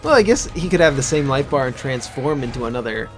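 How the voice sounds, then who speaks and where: A man's voice: mid-range voice, very animated, quick pace, music in the background. A man co-commentating a video game, dry and teasing, explaining the game's mechanics. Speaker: let's play co-host. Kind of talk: casual gameplay commentary.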